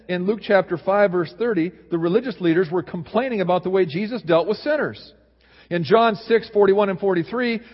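Animated preaching man in a reverberant hall. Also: slightly rough. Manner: animated preaching, dropping to low quiet asides. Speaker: pastor. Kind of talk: sermon. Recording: dull sound in a reverberant hall.

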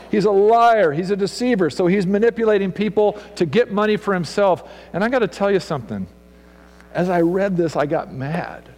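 A man preaching a sermon with passion, swinging between loud emphasis and hushed low tones. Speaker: pastor. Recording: long hall reverb with mains hum. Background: mains hum.

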